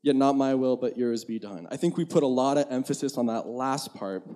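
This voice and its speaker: A man's voice: medium pitch, a little fast, dark tone. A young man giving a sermon in a conversational, candid way, acting out his own inner dialogue. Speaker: preacher.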